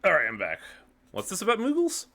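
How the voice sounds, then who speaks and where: A man streams a video game over game music, joking and chatting casually with plenty of swearing. His high voice swings hugely in pitch, brisk and creaky with a sharp tone, in this laid-back gameplay commentary.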